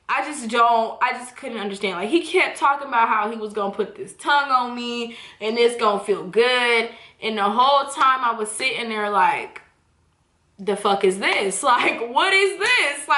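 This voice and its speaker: Bright-voiced young woman, echoey room. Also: on the high side. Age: 20s. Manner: candid, profane, animated retelling. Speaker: vlogger. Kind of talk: casual storytime chat.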